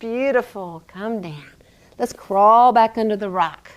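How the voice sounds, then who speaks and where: A woman's voice: medium pitch, unhurried. A woman yoga teacher and physical therapist guiding a child through a yoga class, encouraging and playful, with animal sounds.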